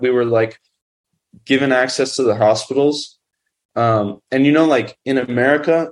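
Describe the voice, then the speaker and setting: A man who makes documentaries, telling a story in a casual, rambling way, full of fillers. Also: mid-range voice. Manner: rambling, filler-heavy with constant "like". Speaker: documentary filmmaker.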